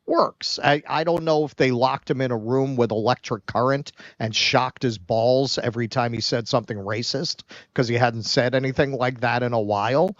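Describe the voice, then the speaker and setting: A man's voice: mid-range voice, moderate pace, hardly any pauses, no echo. A man co-hosting a political commentary show, ranting in a heated, sarcastic way with swearing and stammered starts. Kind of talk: casual political commentary rant. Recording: dull, muffled lo-fi mic.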